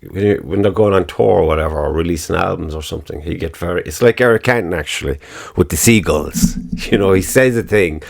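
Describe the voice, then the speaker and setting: A man hosting his own podcast in casual solo chat, rambling, swearing freely and laughing at his own remarks. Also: low voice. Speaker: podcast host.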